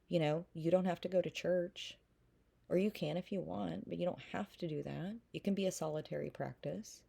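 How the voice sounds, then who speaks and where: A woman's voice: low-pitched, vocal fry, dark tone. A middle-aged woman giving a heartfelt tarot reading, encouraging the listener and checking in with frequent "okay?" and "right?". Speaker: tarot reader.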